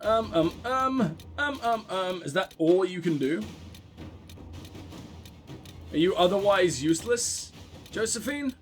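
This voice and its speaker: A man's voice: sits high, lively intonation, a little slow, soft background music. A man casually commentating a game he is playing, with crude, sarcastic, profanity-laced banter. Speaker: gaming video host. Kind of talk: casual let's play commentary.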